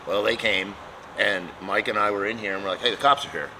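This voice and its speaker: A man's voice: on the low side, quick pace, noisy background. A man who runs a custom motorcycle shop, telling a long story in casual chat, cursing often and laughing as he talks. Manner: profane, laughing, animated storyteller.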